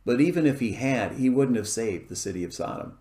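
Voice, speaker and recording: A man preaching an expository sermon, explaining a scripture passage verse by verse in a measured way. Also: mid-range voice, lively intonation, dark tone. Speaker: pastor. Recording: echoey room.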